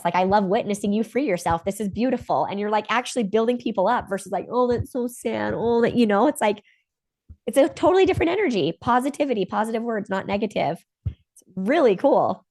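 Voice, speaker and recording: A woman hosting a podcast, chatting casually and upbeat about spiritual topics with quick asides. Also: mid-range voice, lively intonation, darkish tone. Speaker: podcast host.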